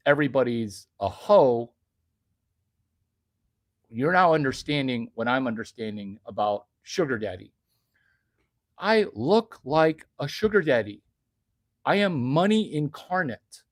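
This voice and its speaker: Brash, bragging man with a lively voice. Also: mid-range voice, slow, pauses often, no echo, studio quality. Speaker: vlogger. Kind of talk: boastful comedic monologue.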